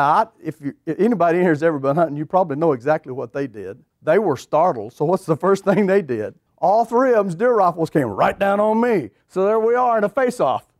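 Folksy preacher, fairly high voice. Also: male voice, no room sound, studio quality. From eastern Oklahoma. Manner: animated, drawls folksy phrases, rhetorical questions to the congregation. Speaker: pastor. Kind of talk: sermon storytelling.

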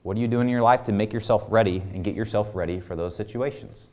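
A man's voice: on the low side, quick pace, darkish tone. A man in his thirties preaching a conversational sermon full of rhetorical questions. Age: 30s. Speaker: pastor.

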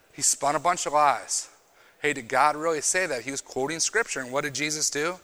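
A man giving a youth sermon, preaching emphatically and moving between loud bursts and quiet storytelling. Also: a little high. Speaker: retreat speaker.

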